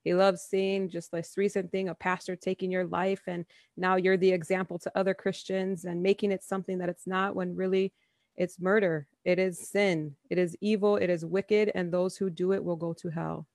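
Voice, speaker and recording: Female co-host, earnest and firm, lowish even delivery. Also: moderate pace, no echo, clean studio sound. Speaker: podcast co-host. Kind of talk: casual podcast talk.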